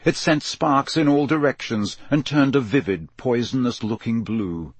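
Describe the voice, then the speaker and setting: Casting: husky-voiced man, mid-pitched, measured audiobook narration, dry close recording. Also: no room sound. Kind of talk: scripted narration.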